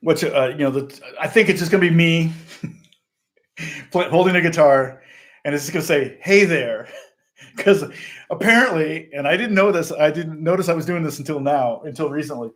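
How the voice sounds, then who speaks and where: A middle-aged man, a guitar teacher hosting a casual livestream chat, rambling and laughing often. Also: fairly high pitch. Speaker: guitar teacher and channel host.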